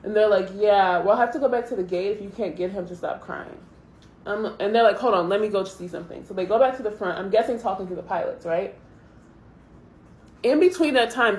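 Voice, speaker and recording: Young woman vlogger, casual storyteller, chatty and animated, roomy echoey sound. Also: medium pitch. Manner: chatty, animated retelling with quoted asides.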